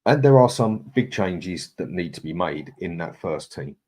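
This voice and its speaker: A man's voice: low voice, big pitch swings, normal speed, dark tone. A man hosting a casual live stream, chatting in a matey way and reading out viewers' comments. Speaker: livestream host.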